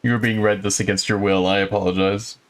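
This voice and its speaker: A man's voice: on the low side, level tone, quick pace, fairly bright tone. A man streaming a game and giving joking, crude, self-mocking commentary. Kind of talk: casual gameplay commentary.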